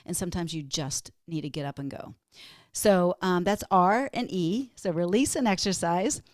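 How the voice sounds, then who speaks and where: A woman's voice: on the low side, normal speed, no room sound, studio quality. A woman from Minnesota, a wellness guest on a podcast interview, telling stories in an upbeat, motivational way.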